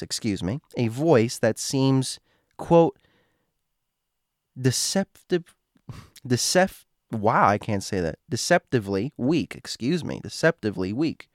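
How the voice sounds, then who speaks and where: Man, host, reads a creepy story aloud, slips and asides, dry recording, unhurried. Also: medium pitch, no echo. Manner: stumbles over words and adds asides. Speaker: host reading a story post.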